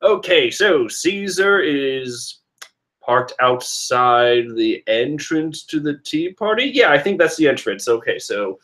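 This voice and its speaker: Animated man rambling through a comic. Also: fairly high pitch, takes it slowly, gravelly. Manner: animated, rambling, with laughs and restarts. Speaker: reader reacting to a comic chapter. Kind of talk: casual reading commentary.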